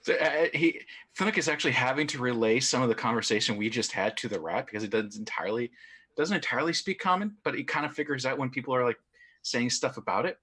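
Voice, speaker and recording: A man playing a tabletop game, describing his character's moves in a halting, casual way. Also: mid-range voice, sharp tone, slightly rough. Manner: halting, full of fillers. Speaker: player.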